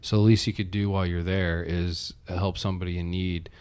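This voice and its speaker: A man hosting a podcast, relaxed and joking, casually swearing while wrapping up an interview. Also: low voice, a little fast, clean tone. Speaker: podcast host.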